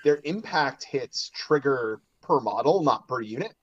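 A man guesting on a casual hobby podcast, relaxed and enthusiastic, laughing easily. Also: medium pitch, a little slow, husky, no echo, highs cut off.

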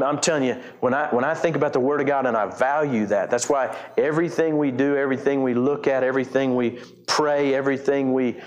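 A middle-aged man preaches to his congregation in an easy, conversational way. He circles back on his words, repeats phrases for emphasis, and keeps a mid-range voice. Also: medium pitch. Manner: conversational preaching with many restarts and repetitions. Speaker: pastor. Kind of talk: sermon.

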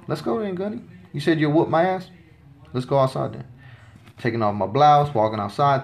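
A man in his thirties hosting a podcast, telling a story about his time in the service in a blunt, swaggering, heavily profane way. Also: mid-range voice. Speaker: podcast host. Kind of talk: casual storytelling monologue.

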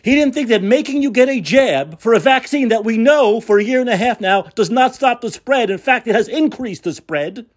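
A man's voice: very high-pitched, animated, moderate pace, hardly any pauses. A man hosting a political talk show, delivering an angry, sarcastic and profane rant.

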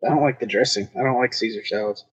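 Husky, halting podcast co-host. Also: male voice, mid-range voice, low-quality recording. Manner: hesitant, halting restarts. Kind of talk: casual chat.

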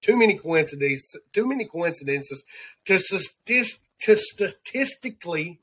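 A man's voice: fairly high pitch, animated, normal speed, a bit bright, slightly rough. A man with a Southern accent giving an earnest, rambling devotional segment as a podcast host, repeating words as he searches for them. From Southern United States. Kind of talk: devotional segment of a talk show.

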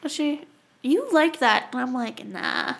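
A young woman co-hosting a casual podcast, laughing a lot, swearing freely and joking fast with her friend. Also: sits high, creaky, background noise. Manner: giggly, swears freely, quick joking banter. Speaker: podcast co-host. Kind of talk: casual chat.

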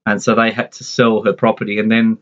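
A man's voice: lowish voice, level tone, fast talker, a bit bright. A man in his forties telling a family story in a casual, rambling way, full of restarts and asides. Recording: dull lo-fi sound.

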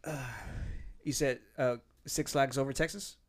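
A man on a casual podcast, loud, profane and joking with friends. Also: medium pitch, fairly even intonation, measured pace. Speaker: podcast co-host. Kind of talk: casual chat.

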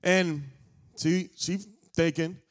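A male pastor, telling a story in a sermon as an unhurried storyteller. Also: fairly high pitch, fairly even intonation. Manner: unhurried storyteller who builds to fervent preaching. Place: church sanctuary.

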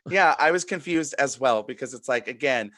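A man's voice: medium pitch, expressive, fairly quick, a bit bright. A man co-hosting a casual podcast chat, earnest and given to repeating himself. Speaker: podcast co-host.

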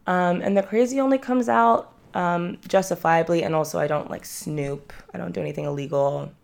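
A young woman hosts a podcast, telling candid stories about her past with blunt humor and plenty of swearing. Her voice sits low and has a gravelly vocal fry. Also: moderate pace, darkish tone. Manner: candid, self-mocking, swears freely. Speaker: podcast host. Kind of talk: casual confessional storytelling.

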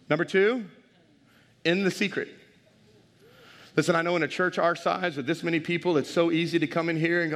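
Middle-aged male pastor, high voice, energetic sermon, long church reverb. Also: brisk. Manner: energetic, humorous, rising to shouts. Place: large church.

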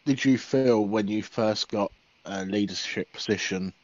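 A lower-voiced man asks his questions politely and with some hesitation. His voice is dry and dull, as if on a cheap mic. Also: unhurried, dry recording. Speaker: interviewer. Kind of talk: asking questions.

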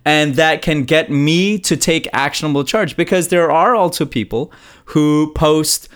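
Rambling, animated man co-hosting a podcast. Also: fairly high pitch, unhurried, clean tone. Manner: rambling, animated storyteller who repeats himself. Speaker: podcast co-host. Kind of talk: casual chat.

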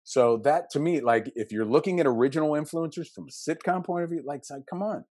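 A man from Western Pennsylvania in his fifties with a Pittsburgh accent, a podcast guest telling animated, jokey stories. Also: fairly high pitch, dry recording, clean studio sound. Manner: animated storyteller, jokey, quick asides. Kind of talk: casual podcast interview.

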